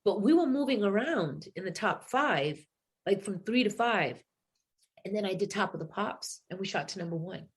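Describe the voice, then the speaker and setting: A middle-aged New England woman, a singer appearing as a guest, tells stories in a casual interview. She's an animated storyteller who acts out quotes, speaking at medium pitch and a moderate pace.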